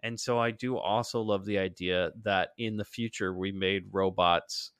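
A man talking as a guest on a podcast, animated and joking, swearing freely in casual chat. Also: low voice, normal speed, clear, resonant tone, dry recording, clean studio sound.

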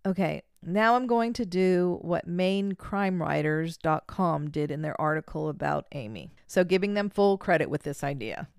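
A woman's voice: low voice, normal speed, creaky, hardly any pauses, clean tone, dry recording, clean studio sound. A middle-aged woman co-hosting a podcast in a casual chat, reading from notes and laughing often. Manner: warm, laughs often between remarks. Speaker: podcast co-host.

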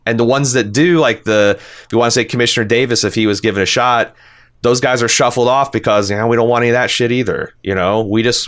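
A man's voice: on the low side, fairly bright tone. A man hosting a casual podcast discussion, talking in a rambling way with many restarts and fillers. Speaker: podcast host.

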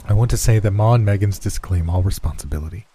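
A hesitant, stiffly formal messenger from a horror storybook, as a male narrator puts him on. He speaks low and quiet, his voice deep and mellow. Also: quick pace, slight background noise, lightly acted.

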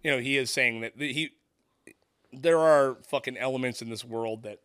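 A man talks in loose, profane podcast banter, hammering his points and ending them with "dude". His voice sits at an ordinary pitch. It is recorded close and dry, with no room sound. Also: moderate pace, fairly bright tone, clean tone, dry recording. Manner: profane, emphatic, says "dude" often. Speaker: podcast co-host. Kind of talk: casual chat.

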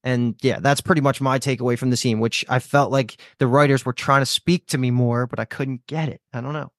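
A man's voice: mid-range voice, steady tone, brisk, no room sound, studio quality. A man hosting a casual podcast discussion, chatty and rambling, swearing now and then. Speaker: podcast host.

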